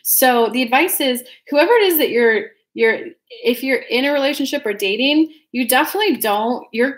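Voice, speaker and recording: A tarot reader with a medium-pitched, fairly bright voice gives her viewers a casual reading. She's chatty and rambling, keeps restarting her sentences, and talks right to the audience, calling them "guys."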